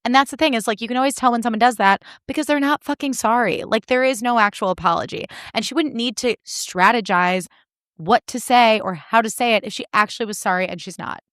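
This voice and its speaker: A young woman hosting a solo podcast, recapping reality TV in animated, indignant, sarcastic talk with plenty of swearing. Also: a little high, fairly quick, no echo, studio quality. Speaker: podcast host.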